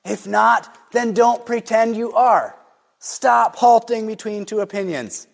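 A man preaching a sermon in an emphatic, conversational way, slowing down to stress his points. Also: sits high, creaky.

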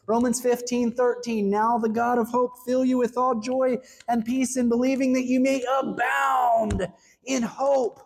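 A woman's voice: on the high side, slightly rough, low-quality recording. A woman preaching a sermon, earnestly acting out little dialogues between God and a timid asker.

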